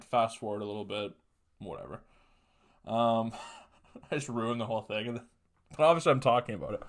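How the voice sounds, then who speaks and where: A young man hosting a podcast, talking casually in a blunt, profane, mocking way. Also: lowish voice. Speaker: podcast host. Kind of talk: casual monologue.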